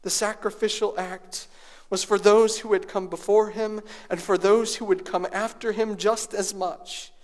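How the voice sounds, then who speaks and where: A man's voice: sits high, gravelly. A male pastor delivering a sermon, dropping to near-whispers and rising to raised, emphatic preaching. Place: church sanctuary.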